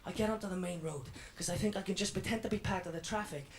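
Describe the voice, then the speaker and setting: Fast and high-pitched, this man's voice stays close to an everyday sound, with a little hiss or hum. He's an actor in a radio drama playing a Welsh-accented stand-up in his 20s, edgy and defiant, running through a swaggering set.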